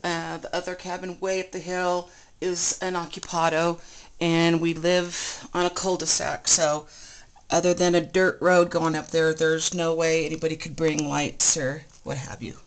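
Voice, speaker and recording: A woman's voice: lowish voice, flat delivery, measured pace. A woman co-hosting a vlog from a cabin, explaining the setting in a plain, matter-of-fact way. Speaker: co-host of the vlog. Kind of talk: casual explaining.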